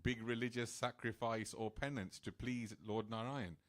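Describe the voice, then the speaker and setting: A man's voice: mid-range voice, steady tone, moderate pace, close to an everyday voice. A man voicing a playful young cowherd god in a told story, in casual quoted lines. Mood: teasing.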